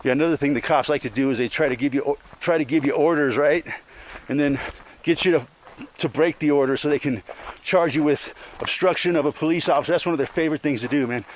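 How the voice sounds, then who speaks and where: An angry man rants on and on, full of swearing and tacking "man" onto his sentences. His voice sits slightly high, and he wanders from one grievance to the next in a loose, unscripted monologue. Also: fast talker, a little hiss or hum. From Colorado. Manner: rambling, profane, angry, repeats "man". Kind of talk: casual monologue rant.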